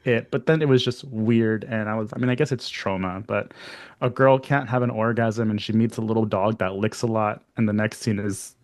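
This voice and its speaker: A man's voice: lowish voice, moderate pace. A man co-hosting a horror podcast, chatting casually and telling stories with jokes. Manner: chatty, jokey, animated storytelling with laughs. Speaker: podcast co-host.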